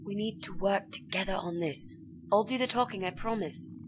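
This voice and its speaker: A woman's voice: medium pitch, moderate pace, noisy background, lightly acted. An actress voicing a pushy young female student in a game, eager and bossy, sweetly fake when she performs. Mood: coaxing. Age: young adult. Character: pushy chirpy young woman student, scheming. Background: game music.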